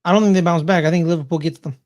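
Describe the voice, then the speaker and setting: A man's voice: a little high, fairly even intonation, very fast, a little mellow. A man guesting on a football podcast, talking casually with playful slang. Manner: playful, slangy, laughs easily. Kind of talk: casual sports chat.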